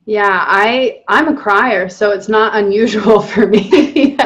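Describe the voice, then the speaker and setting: A woman's voice: medium pitch, slow pace, a bit bright. A woman guest on a podcast, talking candidly and animatedly, often breaking into laughter. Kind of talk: casual spiritual conversation.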